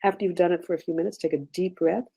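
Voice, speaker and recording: A woman leading an online workshop, talking conversationally, giving gentle step-by-step guidance and checking in often with "okay?". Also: fairly low pitch, steady tone, racing, creaky, slightly rough, rough recording. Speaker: workshop instructor.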